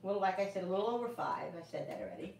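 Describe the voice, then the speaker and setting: A woman's voice: medium pitch, big pitch swings, rapid-fire, a little mellow, recorded from a distance, a little hiss or hum. A middle-aged woman hosting a cooking livestream, chatting casually and telling a story in a rambling, repetitive way with many restarts. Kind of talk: casual chat while cooking. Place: home kitchen. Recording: echoey room, voice away from the mic.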